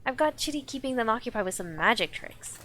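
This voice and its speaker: A woman doing a pushy, excitable male boss. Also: on the high side, fast talker, slight background noise. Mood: bossy. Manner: pushy, then giddy with relief. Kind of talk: reading a game aloud on a live stream. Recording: music playing underneath.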